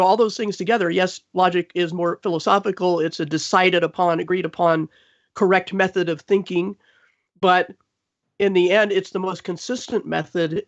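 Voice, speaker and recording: A woman's voice: on the low side, dull audio. A woman speaking as a guest on a live online panel, making an earnest argument.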